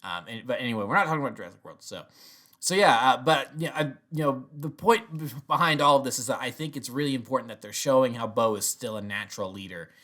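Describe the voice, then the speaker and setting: Male vlogger, mid pitch, casual rambling review, frequent chuckles, many false starts. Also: quick pace, fairly bright tone. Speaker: TV episode reviewer.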